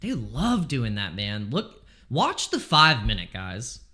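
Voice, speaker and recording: A man live-streaming crypto trades in casual chat, excitable and exasperated, swearing freely as he talks. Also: medium pitch, slow pace.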